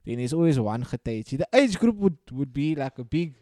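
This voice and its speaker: A young man in casual podcast chat, profane and animated, breaking into sudden loud rants. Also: medium pitch, normal speed, no echo, studio quality. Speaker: podcast co-host.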